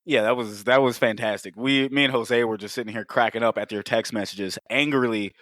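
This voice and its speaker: A man's voice: medium pitch, fairly quick, dry recording, studio quality. A man co-hosting a podcast in casual chat, telling stories with heavy swearing and acted-out quotes. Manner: profane, animated storytelling with acted-out quotes. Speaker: podcast co-host.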